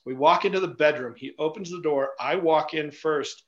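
A man speaking a little higher than most men, telling personal stories as an interview guest. He talks bluntly and swears freely, with lots of "you know" and "like". The recording sounds dull and lo-fi. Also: normal speed. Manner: blunt and profane, with frequent fillers. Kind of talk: casual storytelling.

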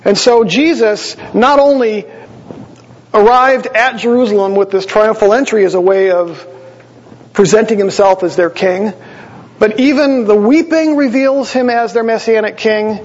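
Male pastor, husky high voice, conversational sermon, dull recording with long reverb. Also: measured pace. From Wisconsin. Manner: conversational, explanatory, with small asides to the congregation.

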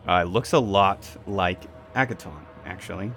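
A man's voice: sits low, normal speed, a bit bright. A man narrating a tabletop game as game master, describing scenes vividly and making sound effects.

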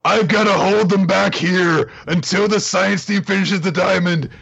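A man doing a loud, earnest young hero. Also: high voice, unhurried, creaky, breathy edge, dull audio, voice pushed up, heavily acted. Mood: determined.

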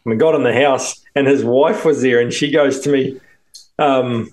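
A man's voice: mid-range voice, fairly even intonation, normal speed, darkish tone. A man with a New Zealand accent co-hosting a podcast, telling anecdotes with easy chuckles. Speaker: podcast co-host. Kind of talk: casual chat.

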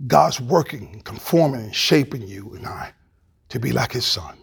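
A male pastor preaching a sermon with animated preaching that drops to a hush. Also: medium pitch, normal speed, creaky, slightly rough.

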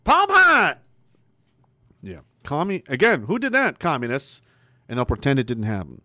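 A man's voice: medium pitch, huge pitch swings, a little fast, fairly bright tone, no echo, clean studio sound. A man hosting a livestream, reading out chat messages and ranting bluntly with plenty of profanity. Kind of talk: casual live chat commentary.

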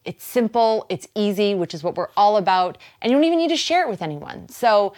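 A woman's voice: mid-range voice, very animated, fairly quick, a little mellow. A woman from Boston with a Boston accent, hosting a wellness show in a chatty, encouraging way and laughing easily. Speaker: host. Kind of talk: casual wellness talk to camera.

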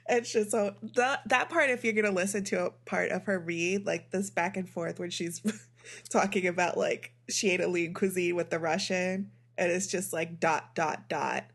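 A woman's voice: on the low side, fairly even intonation, normal speed. A woman co-hosting a casual book chat, retelling scenes with many "likes" and frequent giggles. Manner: filler-heavy, giggly retelling. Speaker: podcast co-host.

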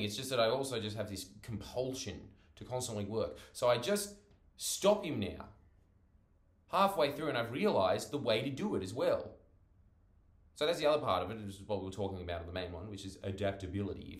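A man's voice: on the low side, reverberant. Rambling, profane man. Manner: rambling, profane, self-interrupting. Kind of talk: casual monologue.

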